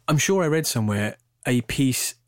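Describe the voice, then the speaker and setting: A British man talking about films in a casual chat, animated and rambling, often breaking off mid-sentence. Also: medium pitch, moderate pace, dry recording, clean studio sound. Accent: British English. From Britain. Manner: animated, rambling, self-interrupting. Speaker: film podcast co-host.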